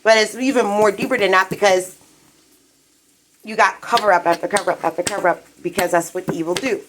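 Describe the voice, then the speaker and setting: A woman vents on a live stream from her apartment, her rant rambling and profane. Her talk is agitated and full of restarts, at an ordinary pitch for a woman. Food fries quietly in the background. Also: steady tone, fairly quick, noisy background. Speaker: livestreamer.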